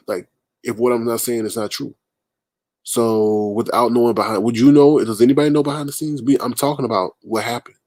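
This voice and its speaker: A man hosting a livestream, commenting casually and answering chat comments with emphatic, animated talk. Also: mid-range voice, no echo. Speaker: livestream host.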